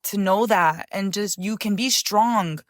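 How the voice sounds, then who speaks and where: An older woman in an interview, a chef and author speaking in a heartfelt, halting way, close to tears at moments. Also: mid-range voice. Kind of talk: emotional interview conversation.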